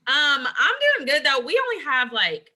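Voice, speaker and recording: A woman teacher co-hosting a casual podcast over a video call, sassy and playful with quick comebacks. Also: sits high, very animated, crowd noise, rough recording.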